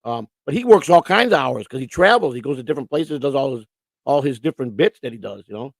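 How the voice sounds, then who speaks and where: A man's voice: medium pitch, lively intonation, fast talker, vocal fry, no room sound. A man hosting a casual live-stream chat show, rambling and stammering through repeated restarts. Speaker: host. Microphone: computer setup with earphones.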